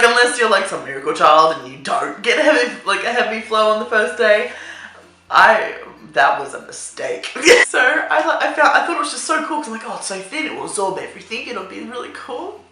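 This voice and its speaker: A woman's voice: medium pitch, big pitch swings, normal speed, sharp tone. A young woman telling a casual storytime to camera, laughing through lines, swearing, and saying "like" a lot. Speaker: vlogger. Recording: echoey room with faint music.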